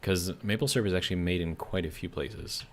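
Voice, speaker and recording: A man's voice: deep voice, a little fast, a little hiss or hum. A man streaming a building game, chatting casually, reading viewer comments aloud and musing as he plays. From Georgia, USA.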